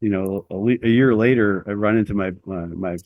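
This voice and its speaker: A man's voice: fairly low pitch, brisk, no echo, phone-quality sound. A middle-aged man telling a long personal story as an interview guest, rambling and self-deprecating with lots of fillers.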